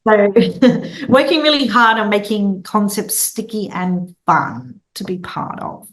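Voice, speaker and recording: Woman guest, playful and lively storyteller, mid-range voice, conversational interview. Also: medium pitch, slow pace.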